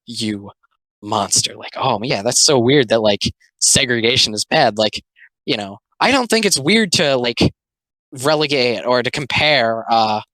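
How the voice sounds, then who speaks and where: A man's voice: mid-range voice, expressive, unhurried, pushed and bright, dry recording, rough recording. A young man doing a casual commentary video, rambling with lots of fillers and sounding exasperated.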